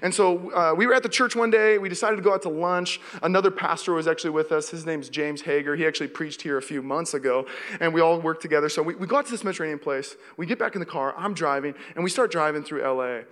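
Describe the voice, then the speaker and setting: A young male pastor delivers a sermon in a bright, fairly high voice. He tells stories with animated energy, acting out his own reactions. The sound carries the long reverb of a church hall. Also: fast. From Seattle area, USA. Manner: storytelling, animated, acts out his own panic.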